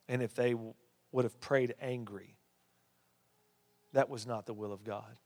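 A male pastor preaching a sermon, with emphatic rises and hushed drops. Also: medium pitch, fairly even intonation, measured pace. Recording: long hall reverb.

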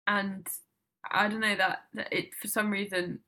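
A young woman in casual chat, rambling and chatty, quick to laugh and swearing freely. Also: mid-range voice, little pitch movement, pushed and bright.

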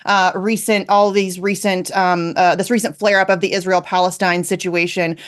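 A woman's voice: fairly low pitch, little pitch movement, normal speed. Chatty upbeat radio host woman. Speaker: radio talk show host. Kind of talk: radio talk show.

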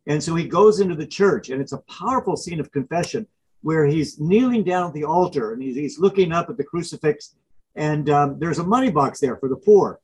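A man who is an author and professor, answering interview questions as an animated storyteller who acts out film scenes. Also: a little high, fairly quick, a little hiss or hum, rough recording. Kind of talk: interview guest.

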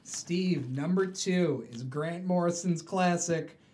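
A man's voice: on the high side, takes it slowly, a little hiss or hum. A man co-hosting a casual podcast, retelling a comic book story with lots of energy and acting out the characters' lines. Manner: animated storyteller, acts out the characters' voices. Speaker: podcast co-host.

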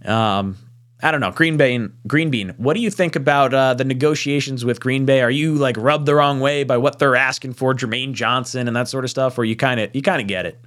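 A man's voice: medium pitch, steady tone, fairly quick, a bit bright. A man hosting a casual sports panel livestream, joking and reading viewer comments aloud. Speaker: panel host.

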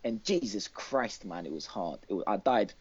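A man's voice: on the low side, lively intonation, moderate pace, a little mellow, breathy edge. A man co-hosting a gaming podcast, rambling through casual chat with lots of fillers and restarts. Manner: rambling, filler-heavy retelling with many restarts. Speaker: podcast co-host. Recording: dull lo-fi podcast audio.

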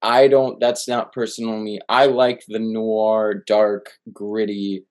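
Casual co-host, male, low voice, gushes and restarts a lot. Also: slow pace. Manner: excitable, gushing, trails off and restarts. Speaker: podcast co-host. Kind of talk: casual chat.

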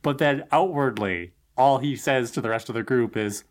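A man co-hosting a casual TV recap chat, animated and laughing as he talks. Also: mid-range voice, normal speed, slight background noise. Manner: animated, laughing, quoting characters. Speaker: podcast co-host.

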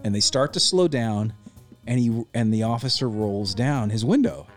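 A man hosting a podcast, telling a story in a laid-back, slangy way with lively energy. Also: mid-range voice, moderate pace, faint music behind. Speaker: podcast host. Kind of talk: casual storytelling.

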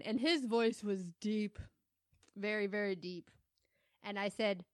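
A woman who is a mother, chatting casually as a podcast co-host, telling animated stories, laughing often and acting out what people said. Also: mid-range voice, measured pace, smooth, no room sound, studio quality. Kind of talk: casual storytelling chat.

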